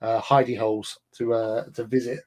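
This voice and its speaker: English man, livestream host, casual rambling chat, mid-pitched, lots of ums. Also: level tone, normal speed, darkish tone. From England. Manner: rambling, chatty, many fillers.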